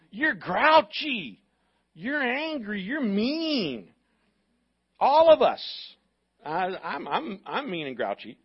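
A man preaching as a pastor, animated and joking, acting out the excuses people make. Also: fairly high pitch, husky, highs cut off. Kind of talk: sermon.

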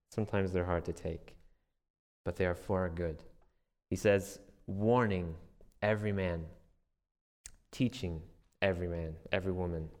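A man's voice: on the low side, normal speed, long pauses, darkish tone, long reverb tail. A man preaching a sermon as a pastor, earnest and conversational, with restarts and light self-deprecating humor.

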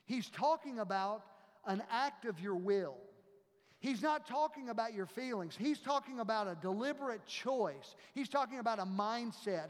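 A pastor preaching a sermon, emphatic and repetitive, reading scripture and leading a prayer. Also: male voice, very high voice. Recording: long hall reverb.

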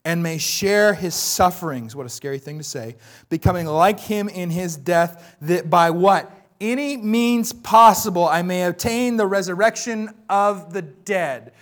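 A pastor delivering a sermon in a high voice for a man. His voice is wearing hoarse, yet he preaches with passion, dropping soft and then rising loud. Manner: impassioned, swings between soft and loud. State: voice going hoarse.

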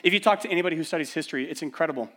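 Preaching in a church, a male pastor races along with urgency and rhetorical questions, shifting from hushed delivery to loud declarations. His voice is a little high.

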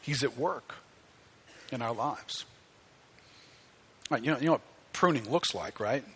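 Animated, bright-voiced male preacher. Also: mid-range voice, measured pace, husky. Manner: animated preaching, swinging from hushed to near-shouting. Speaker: pastor. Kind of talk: sermon.

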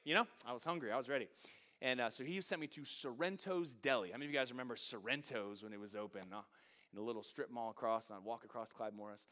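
Middle-aged man, pastor, sermon, funny stories, fervent preaching, bright, sharp voice. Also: medium pitch, quick pace. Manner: humorous storytelling building to fervent preaching.

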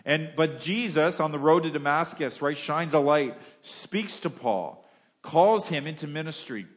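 A man preaching a sermon as a pastor, talking to his congregation in a conversational way, with frequent restarts and phrases that trail off quieter. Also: on the high side, unhurried.

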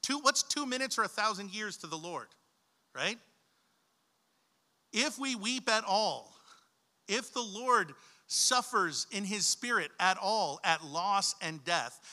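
A man's voice: high voice, expressive, measured pace, bright, forceful tone. A young man preaching a sermon, reading scripture aloud and explaining it in an informal, conversational way, calling his listeners guys.

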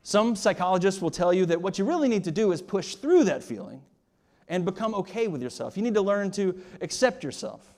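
A pastor preaches a sermon in a high, slightly mellow voice that swings widely in pitch and moves a little fast. He drives his points home emphatically with rising and falling emphasis and rhetorical questions, often repeating words as he begins a phrase.

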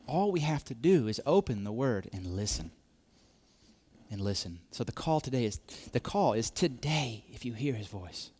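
A man's voice: medium pitch, very animated, moderate pace, a little mellow, breathy edge. A man preaching a sermon, repeating key phrases, swelling to emphatic peaks and dropping to near whispers. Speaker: pastor.

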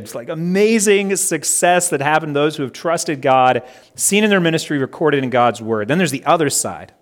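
A pastor preaching a sermon in an earnest way, slowing down and stressing each item when he reads out a list. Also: a little high, lively intonation. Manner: earnest, slows down and stresses items in lists.

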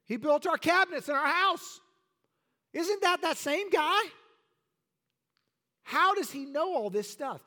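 A man's voice: very high voice, lively intonation, measured pace, pauses often, bright, forceful tone, in a large hall, pitched above the performer's own voice, exaggerated voice. A man acting out an astonished, skeptical townsman who fires off incredulous questions.

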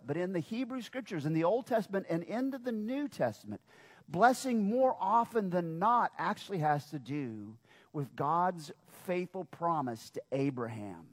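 A man's voice: on the high side, long reverb tail. A man preaching a sermon, who calls out questions to his congregation and draws them in. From United States. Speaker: pastor.

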